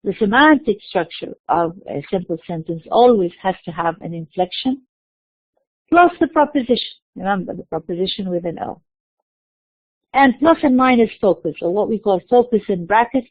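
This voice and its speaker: A woman giving a recorded university lecture, explaining slowly and mixing in terms. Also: medium pitch, lively intonation, no room sound. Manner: explains slowly, spelling out letters, slipping into Arabic terms. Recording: dry tinny phone-like recording.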